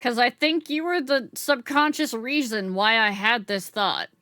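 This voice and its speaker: A woman's voice: fairly high pitch, a little slow, pushed and bright, no room sound, studio quality. A woman streamer chatting casually with her live chat while she crochets, swearing freely and laughing often.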